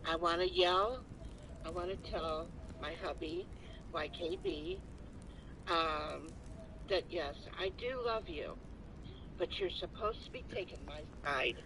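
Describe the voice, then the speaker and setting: A woman's voice: lowish voice, slow, background noise. A woman joining a livestream by phone, speaking indignantly and raising her voice. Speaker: viewer joining the stream by phone.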